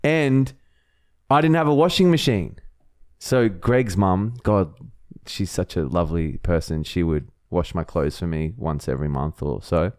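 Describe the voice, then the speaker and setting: A man's voice: low voice, a little slow, smooth. A young Australian man, a podcast co-host, telling stories in casual chat, swearing freely and laughing often.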